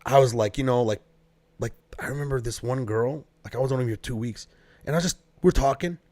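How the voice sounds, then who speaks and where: A man's voice: mid-range voice, a little fast, no room sound. A man telling stories in a casual podcast chat, swearing freely and acting out what people said. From Detroit. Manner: animated, swears often, acts out quotes. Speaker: podcast guest, comedian.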